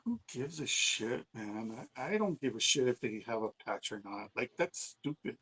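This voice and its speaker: A man's voice: medium pitch, big pitch swings, normal speed, fairly bright tone, breathy edge, rough recording. Blunt, cursing man in casual chat. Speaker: podcast co-host.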